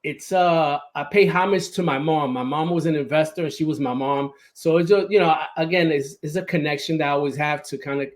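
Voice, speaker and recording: A man's voice: a little high, fairly quick, few pauses. A man hosting a podcast interview in a casual, enthusiastic way, often checking in with "right?". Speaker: podcast host.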